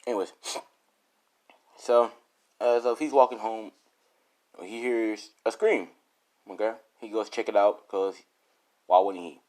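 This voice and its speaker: A man's voice: lowish voice, steady tone, unhurried, pauses often, darkish tone. A man casually improvising a fan story, rambling and correcting himself as he goes.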